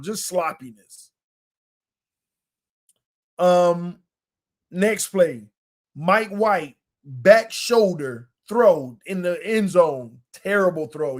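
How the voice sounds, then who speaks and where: A man hosting a casual sports podcast, breaking down plays in an emphatic, colloquial way and repeating points for effect. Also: high voice.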